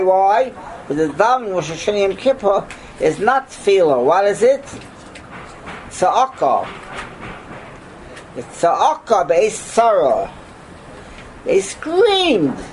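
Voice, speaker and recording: An older rabbi teaches a Torah class with animation, firing off rhetorical questions and breaking into sudden loud outbursts. His voice is high, and the low-quality recording has slight background noise.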